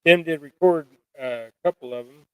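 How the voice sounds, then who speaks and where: A man's voice: fairly high pitch, a little fast, darkish tone, clean tone, no echo, poor audio. A middle-aged man hosting a fishing stream, chatting in a rambling, folksy, self-deprecating way while he ties jigs at home. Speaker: fishing channel host. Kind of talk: casual live-stream chat while tying jigs.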